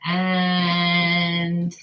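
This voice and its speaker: A woman's voice: lowish voice, completely flat delivery, very slow, lo-fi sound. A woman giving a spiritual card reading, rambling and blunt, often repeating herself and swearing casually. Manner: rambling, repeats words and restarts. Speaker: psychic reader.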